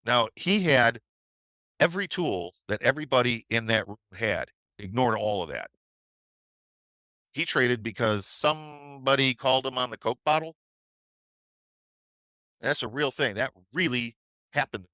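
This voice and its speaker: A man's voice: mid-range voice, expressive, measured pace, long pauses, bright, forceful tone, no room sound. A middle-aged man who teaches trading, telling a story on a webinar in a chatty way with tag questions. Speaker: trading educator.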